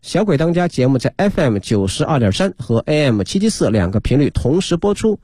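A man hosting a radio show, giving a brisk closing announcement. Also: fairly high pitch, big pitch swings, dark tone, slightly rough, no room sound, studio quality. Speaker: radio host.

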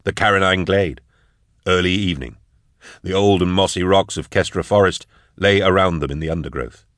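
A man giving steady, measured scripted narration of an audiobook. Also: deep voice, no echo, clean studio sound.

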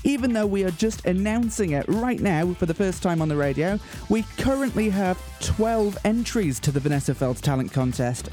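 In a studio, a man hosts a community radio show, announcing with a mock-grand, earnest comic delivery in a deadpan style. His voice is high-pitched with a dark tone.

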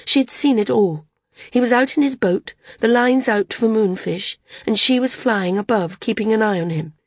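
A woman narrating an audiobook in a steady, measured reading. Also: a little high, no room sound, studio quality.

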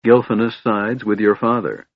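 A man's voice: on the low side, fairly even intonation, normal speed, dry recording. A man playing a firm fatherly cleric. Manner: gentle but firm, fatherly. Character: wise older male cleric, calm and firm. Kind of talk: audiobook reading. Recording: dull dry recording.

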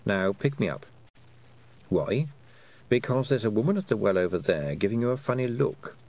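A man reading an audiobook, voicing a small talking toad with a dry, slow, matter-of-fact manner. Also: on the low side, expressive, darkish tone. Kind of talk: audiobook character voice.

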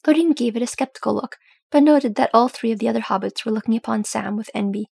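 Brief: woman storybook narrator, gravelly and husky, even delivery. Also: on the high side, quick pace, dry recording. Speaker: audiobook reader.

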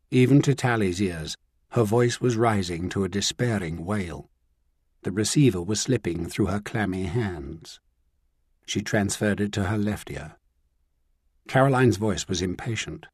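A man reading a novel aloud as audiobook narrator, measured and even. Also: on the low side, breathy edge, dry recording, studio quality.

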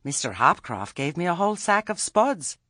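A blunt, homely old witch with a dry sense of humor, voiced by a male narrator. Her voice sits a little above his usual one, husky, and lively in its rises and falls. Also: lowish voice, normal speed, dry recording, voice pushed up. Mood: brisk. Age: older. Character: shrewd, earthy old village witch woman.

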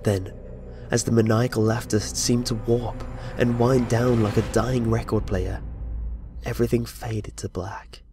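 A man's voice: medium pitch, fairly even intonation, measured pace, warm tone. Male horror narrator, dramatic storytelling, light music bed. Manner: dramatic storytelling with voiced dialogue.

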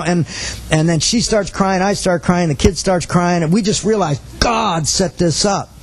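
A man's voice: high voice, normal speed, a little hiss or hum, poor audio. A man giving an earnest teaching talk to a missions class, telling a personal story and quoting the dialogue.

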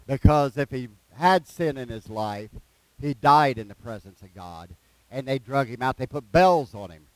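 A man preaching a sermon in a folksy way, reading scripture slowly with plain asides and repeated phrases. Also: medium pitch, dry recording, poor audio.

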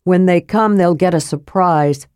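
A woman's voice: on the low side, a little slow, a little mellow, clean tone, dry recording, studio quality, natural voice. Eager big warrior, read by a woman.

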